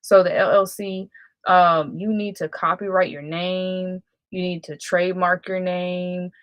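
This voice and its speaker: Female livestream host, casual and self-correcting, lowish voice. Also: level tone, a little slow, no room sound. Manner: rambling, self-correcting, chatty. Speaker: live stream host.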